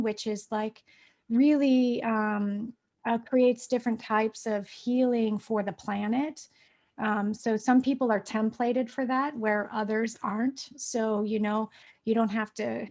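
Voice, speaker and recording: A woman's voice: a little high, darkish tone. A woman hosting a casual spiritual conversation over a video call, rambling with fillers, restarts and light laughs. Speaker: host.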